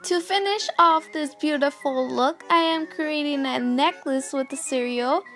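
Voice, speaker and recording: A woman's voice: high voice, measured pace, faint music behind. A young woman giving step-by-step voice-over narration for a makeup tutorial. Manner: steady step-by-step instructions. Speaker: makeup vlogger.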